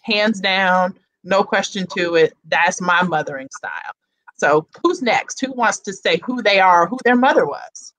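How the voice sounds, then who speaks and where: A woman's voice: medium pitch, unhurried, fairly bright tone, low-quality recording. A woman hosting a casual panel chat, encouraging and asking her guests questions. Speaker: host.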